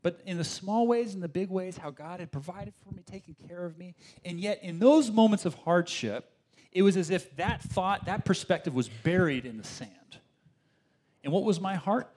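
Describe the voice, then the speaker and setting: A man preaching a sermon in an animated way, often restarting his sentences as he talks it through. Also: high-pitched, moderate pace. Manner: animated, acts out complaining voices, frequent restarts. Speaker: pastor.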